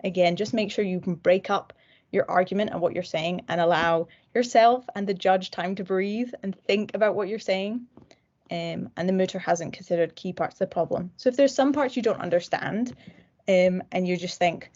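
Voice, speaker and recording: A woman's voice: on the low side, darkish tone. A young woman from a university mooting society giving a casual, frank training talk with frequent fillers. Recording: dull lo-fi recording.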